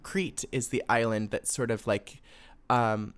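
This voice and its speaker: A man's voice: mid-range voice, steady tone, measured pace, clear, resonant tone. Young male podcast host, irritated venting monologue with lots of swearing and filler. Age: young adult. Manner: exasperated, swears freely, rambling with fillers. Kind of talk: casual solo podcast rant.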